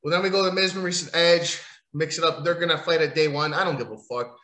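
A man's voice: fairly high pitch, fast talker, pushed and bright. Sarcastic, swearing man in an echoey room. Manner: sarcastic, rambling, swears often. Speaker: wrestling show recapper. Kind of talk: casual profane rant recap.

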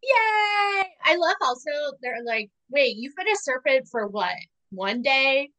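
A woman co-hosting a podcast, reacting with giggles and quick asides while recapping a TV episode. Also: high voice, animated, bright, forceful tone, rough recording. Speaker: podcast co-host. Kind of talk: casual TV recap chat.

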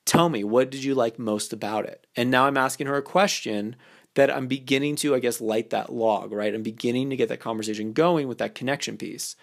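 A man in the middle of his range talks through dating advice on his podcast, loose and chatty with plenty of fillers. He keeps jumping into lively, playful voices to act out sample lines. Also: mid-range voice, a little fast, vocal fry. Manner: animated, acts out example lines in a playful voice; casual, loose phrasing with many fillers. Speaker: dating coach podcast host. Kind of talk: instructional podcast talk.

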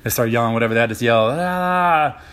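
A man's voice: fairly low pitch, fairly quick, a bit bright. A young man hosting a casual solo podcast, rambling with lots of fillers and profanity. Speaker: podcast host.

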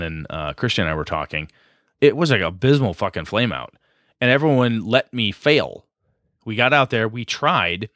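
A man's voice: lowish voice, a bit bright, no room sound, studio quality. A man co-hosting a podcast, talking casually and at length about running tabletop games, rambling and self-deprecating. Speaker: podcast co-host, game master. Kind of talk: casual chat.

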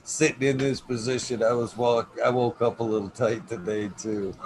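A man's voice: medium pitch, fairly even intonation, normal speed. A man hosting a long livestream show, talking casually, swearing often and chuckling as he signs off. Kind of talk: casual chat. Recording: noisy background hiss.

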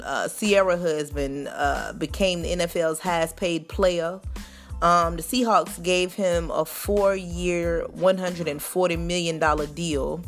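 Brief: woman host, lowish voice, swears freely, heated news-chat delivery, faint music under it. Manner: profane, fired-up commentary. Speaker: podcast host.

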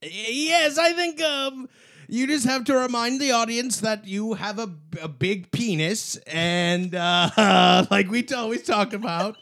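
A man's voice: high voice, measured pace, gravelly, fairly bright tone, voice pushed up, exaggerated voice. A man voicing a pompous old-timey British publicist with a hammy put-on British accent.

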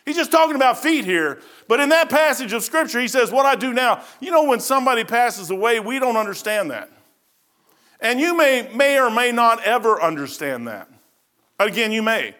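Bright-voiced, high-pitched preacher. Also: male voice, big pitch swings, normal speed. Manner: folksy storytelling, swings between loud bursts and quiet asides. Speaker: pastor. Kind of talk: sermon with personal stories.

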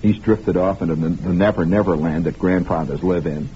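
A man's voice: low-pitched, a little fast, warm tone. A man telling a long story on the radio in a conspiratorial, mock-grave way, speaking straight to his listeners on an old broadcast recording. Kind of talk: improvised radio monologue storytelling. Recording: lo-fi 1960s radio broadcast, faint hiss.

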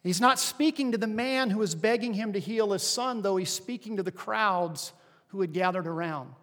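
A male pastor preaching a sermon with animated, rising and falling emphasis. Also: high voice, moderate pace, in a large hall.

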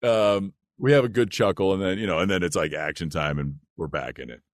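A man with a very low, deep voice tells a story from his acting days, casual and animated, laughing along as he goes. The sound is dry and close, with no room around it. He is from the United States and talks like a podcast guest. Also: fairly quick, dry recording.

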